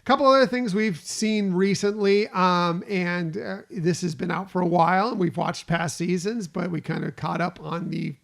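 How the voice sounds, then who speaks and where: A man with a high voice and a gravelly rasp chats on a podcast. He rambles in a relaxed way and fills pauses with ums and uhs. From Florida. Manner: relaxed, rambling, many fillers. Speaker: podcast co-host. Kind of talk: casual podcast chat.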